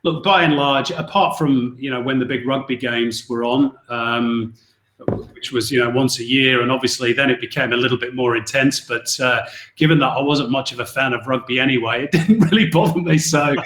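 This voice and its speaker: An English man, a sports commentator as a podcast guest, telling relaxed stories with many fillers and restarts. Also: medium pitch, brisk, reverberant. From England. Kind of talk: casual podcast interview.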